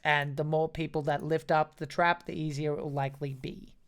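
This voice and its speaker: A woman's voice: deep voice, steady tone, brisk. A woman running a tabletop game as game master, chatty and easygoing, with many fillers. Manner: chatty, hesitant with fillers, laughs easily.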